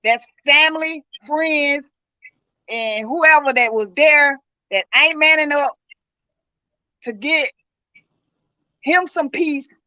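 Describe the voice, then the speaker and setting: Middle-aged woman, grieving mother's account, high and sharp, dry muffled lo-fi audio. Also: takes it slowly, pauses often, dry recording. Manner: earnest, speaks in vivid retold dialogue. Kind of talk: emotional personal account.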